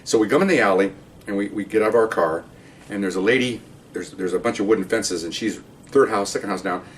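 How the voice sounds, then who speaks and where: Older man, fast-talking cop storyteller. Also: on the low side. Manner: rambling, with restarts and "okay?" checks to the listener. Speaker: retired police officer. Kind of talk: casual spoken storytelling. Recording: distant mic with faint background hiss.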